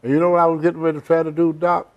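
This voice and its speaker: A man's voice: on the high side, little pitch movement, very fast, muffled recording. An older man hosting a casual interview, telling blunt, rambling stories in a folksy way. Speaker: host. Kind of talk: casual storytelling chat.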